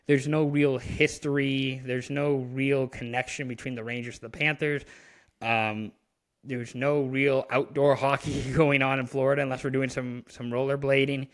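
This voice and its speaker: A man's voice: medium pitch, flat delivery, normal speed. A man from Canada, a podcast co-host, chatting casually about hockey with many fillers and restarts. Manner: rambling, frequent fillers and restarts. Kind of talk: casual sports chat.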